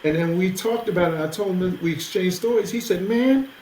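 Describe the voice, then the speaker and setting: This older New Jersey musician, appearing as a guest, tells stories quickly in a fairly high voice and acts out the voices of the people he quotes. It's an animated interview anecdote recorded in a roomy, echoey space with a faint background hiss.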